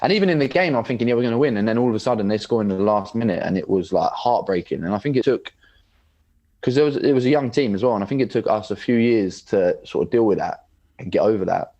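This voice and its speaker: A young adult man, a footballer on a podcast, telling stories in a relaxed, rambling way full of "like". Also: fairly low pitch, fast talker, dull audio. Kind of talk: casual interview chat.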